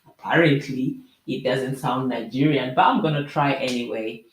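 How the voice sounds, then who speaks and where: A woman host explaining proverbs to viewers in an animated, preachy way with jokey asides. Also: a bass voice, moderate pace. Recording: roomy echo.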